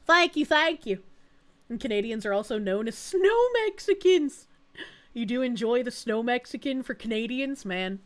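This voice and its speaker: A woman's voice: a little high, animated, normal speed. A woman from Boston streaming live, reacting to clips with crude jokes and reading out chat messages. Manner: crude, joking, reads chat messages aloud.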